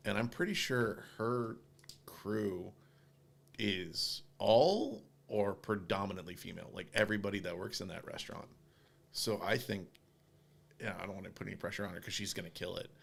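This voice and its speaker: A man co-hosting a podcast, sharing news in quick, enthusiastic casual talk. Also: lowish voice, vocal fry, a bit bright. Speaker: podcast co-host.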